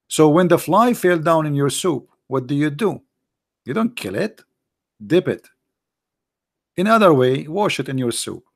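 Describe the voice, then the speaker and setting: A religious debater with a somewhat high, fry-tinged voice offers mocking commentary. He's sarcastic and argumentative, speaking in broken English grammar.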